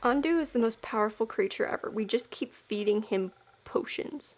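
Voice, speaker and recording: A woman's voice: a little high, normal speed, few pauses. A woman streaming a game, making playful, giggly asides, often half-whispered. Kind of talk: let's-play commentary.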